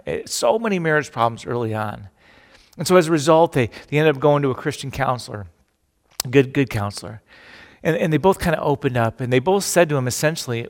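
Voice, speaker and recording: A middle-aged man preaching a sermon, animated and emphatic, acting out the quotes he tells. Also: mid-range voice, in a large hall. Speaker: pastor.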